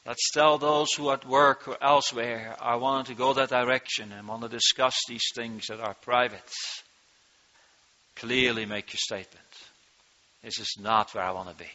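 A man preaching an earnest sermon, his voice rising in pitch and force when he reads from scripture. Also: fairly even intonation, moderate pace, bright, forceful tone, highs cut off. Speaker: pastor.

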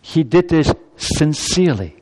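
A man's voice: a little high, expressive, measured pace. Emphatic male preacher in reverberant hall. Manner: emphatic, swinging from soft to loud exclamations. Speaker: pastor. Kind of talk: sermon. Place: church. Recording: long church-hall reverb.

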